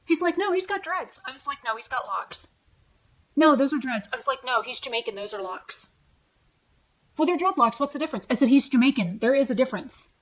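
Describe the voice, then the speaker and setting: This forty-something woman vlogger vents from a tall stool in her home, her high voice expressive and a little fast. Swearing heavily, blunt and furious, she recounts arguments word for word, quoting both sides. The recording is low quality.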